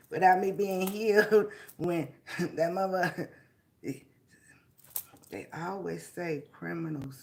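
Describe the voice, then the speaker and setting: A woman hosting a casual spiritual reading vlog, laughing often with a drawn-out, preachy delivery. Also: on the low side. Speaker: spiritual reader.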